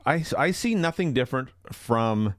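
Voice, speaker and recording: A man's voice: medium pitch, animated, normal speed, dry recording, clean studio sound. A man co-hosting a casual podcast, chatty and rambling, laughing often and swearing casually. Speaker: podcast co-host. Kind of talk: casual chat.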